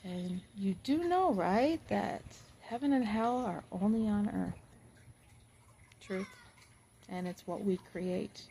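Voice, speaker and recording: A chatty woman talks straight to her viewers about spiritual growth, earnest and warm in an everyday way, with quick laughs and moments where her voice sinks to a near whisper. Her voice sits in an ordinary middle pitch. A clear hum of background noise runs under everything she says. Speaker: spiritual vlogger. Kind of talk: casual spiritual talk to camera.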